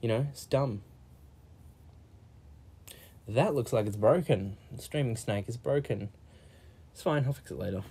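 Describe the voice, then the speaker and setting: A man's voice: medium pitch, unhurried, long pauses, warm tone, slightly rough. Rambling profane man streaming. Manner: rambling, profane, acts out quoted people in raised voices. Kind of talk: rambling live-stream monologue.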